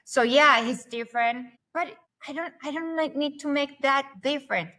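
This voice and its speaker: Woman, podcast guest, animated, fast and talkative, higher voice. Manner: talks fast and at length, animated. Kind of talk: podcast conversation.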